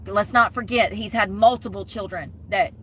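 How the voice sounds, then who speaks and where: A woman's voice: medium pitch, normal speed, a little hiss or hum. A woman with a Southern US accent ranting bluntly in a casual vlog, swearing freely. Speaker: vlogger.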